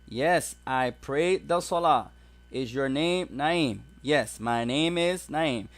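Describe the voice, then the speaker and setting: A man's voice: medium pitch, slow pace. A man teaching an Arabic grammar class, explaining step by step and mixing English with Arabic examples.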